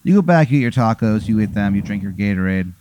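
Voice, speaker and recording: A man's voice: fairly low pitch, expressive, fast talker, darkish tone, dull audio, a little hiss or hum. Rambling man spinning a comic tale. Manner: rambling, filler-heavy, playful. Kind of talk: improvised comedic storytelling.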